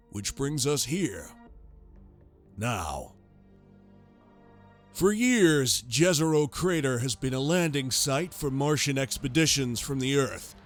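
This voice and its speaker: A man giving a grave, scripted sci-fi horror narration. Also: medium pitch. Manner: slow, grave storytelling.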